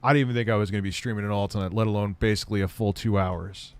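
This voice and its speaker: A man's voice: fairly low pitch, steady tone, rapid-fire, a little mellow, clear, resonant tone. Blunt, profane man chatting on a livestream. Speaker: livestream host. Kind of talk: casual livestream chat answering viewers.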